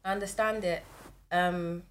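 A young woman, chatting in an animated, joking way as a podcast co-host, giggling often. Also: on the low side, a little slow. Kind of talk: casual chat.

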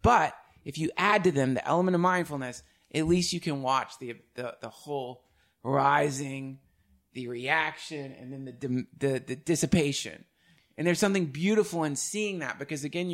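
Male podcast host, slightly higher pitch, loose and animated, swears and laughs a lot. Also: moderate pace. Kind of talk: casual conversation.

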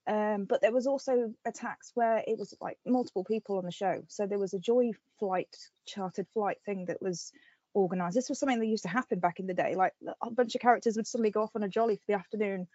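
Woman, podcast host, casual chat, animated, filler-heavy, dry, dull lo-fi. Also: mid-range voice, quick pace, no room sound. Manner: animated storytelling with lots of fillers.

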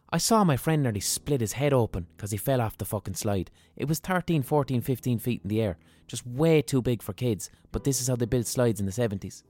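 A man's voice: medium pitch, warm tone. A man hosting a podcast, telling stories in a frank, rambling monologue with plenty of swearing and restarted sentences. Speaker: podcast host. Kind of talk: candid monologue.

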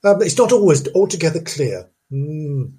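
A man's voice: on the high side, animated, normal speed, warm tone, breathy edge. A man hosting a casual solo podcast, rambling and jokey, repeating himself and chuckling at his own asides. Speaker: podcast host.

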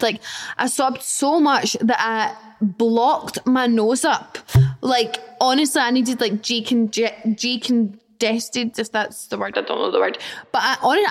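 A woman with a Scottish accent hosting a solo podcast, talking candidly and self-deprecatingly, with casual swearing and lots of "like". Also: a little high. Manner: candid, self-deprecating, acts out her own worried thoughts; swears casually, says "like" often. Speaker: podcast host.

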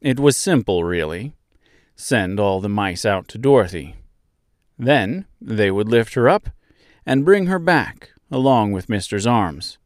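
A man narrating a chapter of a novel in a measured, expressive reading. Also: lowish voice, no echo, clean studio sound. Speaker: audiobook narrator. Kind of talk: storybook narration.

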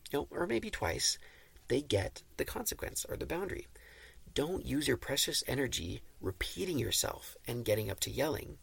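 A man hosting a podcast who reads and explains parenting advice in a calm, instructive, measured way. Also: mid-range voice, gravelly, breathy edge, no echo. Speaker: podcast host.

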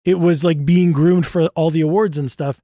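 A man with a fairly high voice talks in a loose, comedic podcast chat, circling and restarting until he lands his point. The sound is dry and right on the mic. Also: steady tone, moderate pace, mellow, no room sound. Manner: rambling, building his point through restarts. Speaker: podcast co-host.

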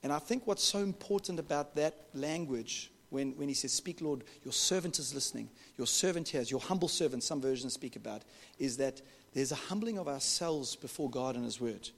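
A man preaching a sermon as pastor, telling an animated story and joking with the congregation. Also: mid-range voice, moderate pace, creaky. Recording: reverberant hall.

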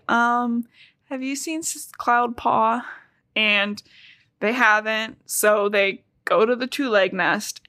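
A young woman hosting a podcast, recapping a book in casual chat, talking fast with lots of "like". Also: mid-range voice, bright, forceful tone, dry recording. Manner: chatty, fast, frequent "like" and laughs. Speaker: podcast host.

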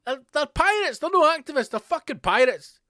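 स्कॉटिश लहजे वाला एक आदमी, जो अपने पॉडकास्ट पर गाली-गलौज के साथ ज़ोर से और मज़ाक उड़ाते हुए भड़ास निकालता है।. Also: male voice, very high-pitched, sing-song, fairly quick, dry recording, studio quality. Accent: Scottish. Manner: sweary, loud and mocking, reads news aloud. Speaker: podcast host. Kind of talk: ranting solo podcast.

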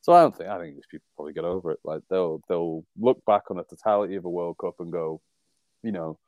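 A man's voice: low-pitched, fast, no room sound, lo-fi sound. A man from England co-hosting a rugby podcast in casual chat, rambling and wry, often laughing at his own jokes. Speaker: podcast co-host.

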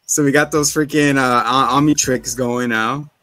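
A man's voice: mid-range voice, steady tone, moderate pace, pushed and bright, dry recording, faint music behind. A man co-hosting a podcast, recapping an episode in casual chat, joking and acting out scenes in silly voices. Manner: jokey, acts out scenes in voices, swears. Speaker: podcast co-host.

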